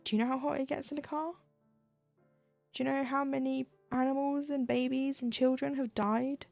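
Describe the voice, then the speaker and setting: A woman's voice: high voice, little pitch movement, normal speed, gravelly, a little mellow, no room sound, faint music behind. A woman streaming her cross-stitching, chatting casually and ranting, laughing often as she talks at her desk. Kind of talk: casual chat while stitching.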